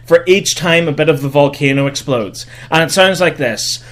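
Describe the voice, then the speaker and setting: A man's voice: a little high, normal speed, a bit bright. A young man hosting a podcast, giving a sarcastic, profane comedic recap of a film and slipping into mock voices for the characters. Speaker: podcast host.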